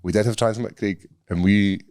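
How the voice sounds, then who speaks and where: A Scottish man co-hosting a podcast, telling stories in an animated, swearing way. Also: on the low side, normal speed, clear, resonant tone. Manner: animated storyteller, swears freely. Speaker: podcast co-host. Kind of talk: casual chat.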